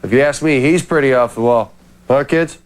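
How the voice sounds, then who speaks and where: An actor playing a square middle-aged suburban dad, making sarcastic jabs. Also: male voice, medium pitch, moderate pace, natural voice. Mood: mocking. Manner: sarcastic, nudging, folksy jabs.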